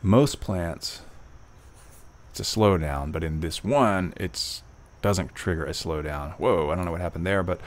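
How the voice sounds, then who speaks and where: A man tutoring test prep, reading passages slowly and then reasoning aloud through each answer with fillers and restarts. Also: sits low. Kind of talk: walkthrough of test questions, thinking aloud.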